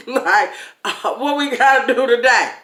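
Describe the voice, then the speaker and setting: A middle-aged woman telling a personal story to her viewers in a casual, animated way, calling them "y'all". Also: on the high side, slow pace. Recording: echoey room.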